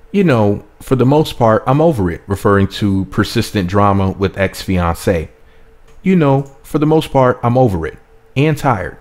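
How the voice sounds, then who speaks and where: A man's voice: on the low side, a little mellow. A man reading a celebrity gossip article aloud and breaking off into profane, joking commentary. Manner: profane, playful and irreverent, keeps interrupting himself. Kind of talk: reading an article with off-script comedic asides.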